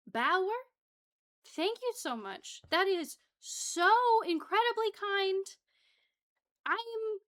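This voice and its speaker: A young woman with a high, bright voice chats casually with her livestream viewers from her home setup. She sounds bubbly and giggly, and she gets flustered easily as she talks. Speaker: livestream host.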